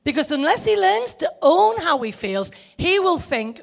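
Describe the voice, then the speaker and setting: A woman's voice: very high voice, very animated, normal speed, vocal fry, few pauses. An older woman preaching an informal sermon, chatty, laughing often and putting questions to her listeners.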